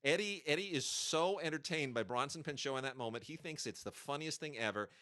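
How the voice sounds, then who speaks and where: A man's voice: fairly high pitch, a little fast, bright, forceful tone. A man co-hosting a casual podcast, telling anecdotes with emphasis. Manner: storytelling, emphatic. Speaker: podcast co-host. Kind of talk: casual chat.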